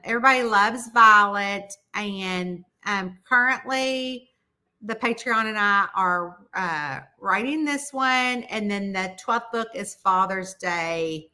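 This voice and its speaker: A middle-aged woman, chatting casually with viewers on a livestream about her books. She talks in an animated, chatty way and laughs often. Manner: chatty, animated, laughs often, quotes people in high voices. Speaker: mystery author hosting a livestream.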